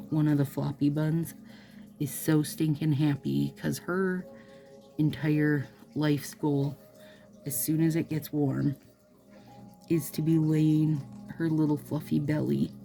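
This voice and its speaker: In a low, gravelly, mellow voice, a Minnesota woman chats casually to camera while putting on nail strips. The nail vlogger rambles playfully to her viewers, sprinkling in asides.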